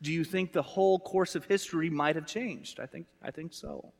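A man's voice: on the high side, fairly even intonation, normal speed, creaky, big-room sound. An American man preaching a sermon, chatty and humorous, asking the congregation questions. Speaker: pastor.

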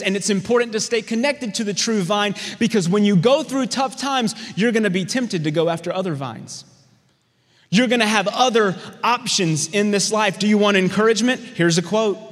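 A man preaching a sermon, who tells stories with lively acted-out voices. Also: high-pitched, big-room sound. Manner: storytelling, animated voices in anecdotes. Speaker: pastor.

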